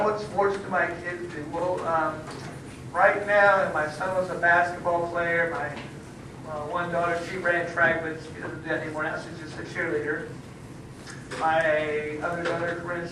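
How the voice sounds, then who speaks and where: A man's voice: on the high side, little pitch movement, normal speed. A man who is a guest speaker at a school, answering students' questions in a plain, rambling, earnest way. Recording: echoey room from far off, noisy.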